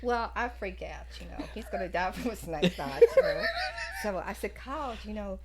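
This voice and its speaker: Lively woman telling family stories. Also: mid-range voice, normal speed, a loud crowd. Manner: animated, laughs often, acts out quotes. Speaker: podcast guest, mother of the hosts. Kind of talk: casual family storytelling.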